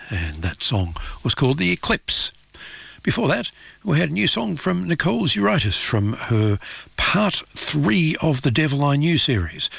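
A man presenting a community radio jazz program from a studio, back-announcing tracks in a relaxed, conversational way. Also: mid-range voice, vocal fry, husky, no echo. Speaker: radio host. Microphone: studio microphone.

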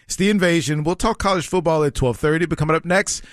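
A man's voice: fairly high pitch, fast, no echo, clean studio sound. A man hosting a sports talk radio show, reeling off stats in a chatty way.

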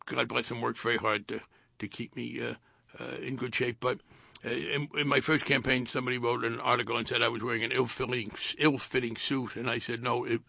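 An older man with a New Jersey accent, a retired congressman in a radio interview, speaking haltingly with dry wit and repeated words. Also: mid-range voice, vocal fry, pushed and bright, dry recording.

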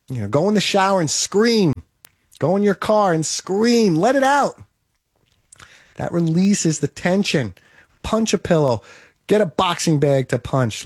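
A man delivers a motivational monologue in a slightly high voice, driving his points home through emphatic repetition. The recording is dry, with no room echo around him. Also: a little mellow.

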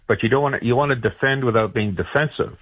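A man's voice: medium pitch, fast talker, breathy edge, no echo, narrow, tinny audio. A man giving political advice in a radio interview, talking loosely with many fillers and restarts. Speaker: political strategist guest.

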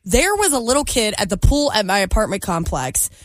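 A woman's voice: mid-range voice, sing-song, a little fast, no echo. A young woman co-hosting a morning radio show, telling a story in casual chat, full of "like" and little laughs. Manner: chatty, storytelling, lots of likes and laughs. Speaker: radio co-host.

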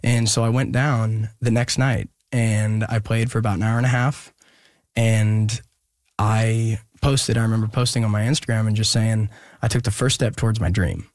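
A young man telling a personal story in an interview, halting and earnest with many pauses and restarts. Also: lowish voice, fairly even intonation, dry recording, clean studio sound. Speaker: guest musician.

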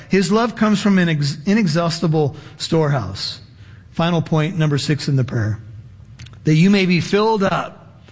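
Male pastor, sermon, high voice, lively storytelling, long church echo. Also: husky. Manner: lively storytelling with chuckles and audience asides. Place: church sanctuary. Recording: echoey church hall.

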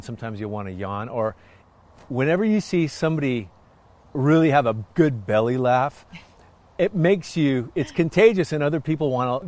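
A man's voice: mid-range voice, darkish tone. A man co-hosting a casual Christian chat show with his wife, playful and joking. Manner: joking, playful, reads scripture slowly. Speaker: co-host.

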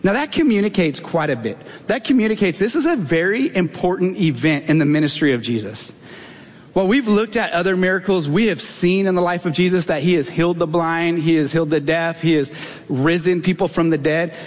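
A pastor in his thirties with a fairly high voice preaches a sermon at a brisk clip in a church sanctuary. He tells a personal story in a conversational, self-deprecating way and grows animated when retelling it. The recording carries the long reverb of a large hall.

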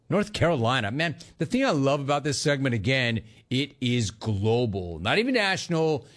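A man's voice: mid-range voice, sing-song, normal speed, hardly any pauses, a bit bright. Brash joking sports radio host man. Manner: brash, joking, calls people dude and bro. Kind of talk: call-in sports talk show.

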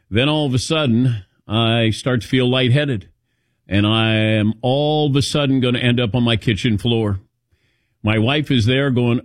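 A man's voice: on the low side, measured pace, no room sound, clean studio sound. A man in his sixties hosting a sports radio show, telling a self-mocking story and acting out the people in it. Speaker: sports talk show host. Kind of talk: casual radio show chat. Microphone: studio microphone.

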